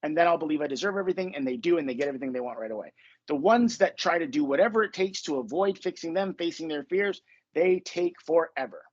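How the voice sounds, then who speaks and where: A man with a high, husky voice hosts a podcast in a blunt, emphatic, freely profane style. The sound is dull and lo-fi, lacking crispness. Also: lively intonation, a little fast. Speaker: podcast host and manifestation coach. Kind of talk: casual podcast talk.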